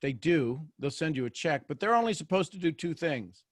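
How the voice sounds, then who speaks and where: A man with a fairly high voice gives a motivational talk over a video call. He sounds animated and jokey, restarting lines as he goes. The sound is dry and close. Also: a little fast, dry recording. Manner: animated and joking, with frequent restarts. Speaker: host of a motivational live show. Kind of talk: motivational talk to a live online audience.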